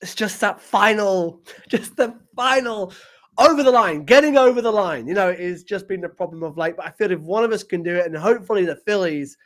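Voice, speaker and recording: A man's voice: sits high, a little fast. A man hosting a casual sports podcast interview, enthusiastic and agreeable, often laughing. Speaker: podcast host.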